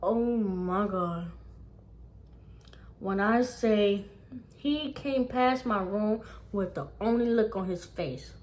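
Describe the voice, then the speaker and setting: A woman's voice: mid-range voice, slow pace, darkish tone. Profane, emphatic young woman vlogger. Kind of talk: casual storytime chat.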